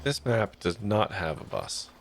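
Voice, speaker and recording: A man casually commenting on a video game as he plays, chatty and quick to swear. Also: on the low side, sing-song, vocal fry, faint music behind. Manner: chatty, swearing, laughing asides. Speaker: let's play streamer.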